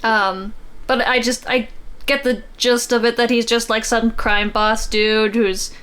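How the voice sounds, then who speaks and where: A woman's voice: fairly high pitch, level tone, a little slow, fairly bright tone, clear, resonant tone. A woman guest on a comic book podcast, rambling casually and thinking aloud.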